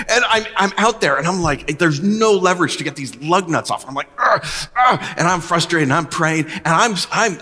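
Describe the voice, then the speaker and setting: Preacher, male, from the US: lively storyteller with a bright tone, reverb of a big room. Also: on the high side. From United States. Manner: animated storytelling, acting out his own past words. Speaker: pastor. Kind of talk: sermon.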